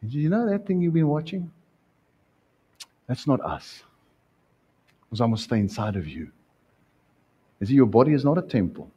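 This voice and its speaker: A man preaching a sermon as a pastor in a church, animated, asking the congregation questions and acting out scenes. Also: mid-range voice, normal speed, pauses often, highs cut off, slight background noise.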